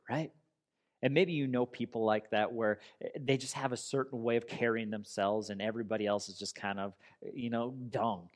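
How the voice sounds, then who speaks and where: A man preaching a sermon in an earnest, conversational way, telling a personal story. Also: on the low side. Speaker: pastor.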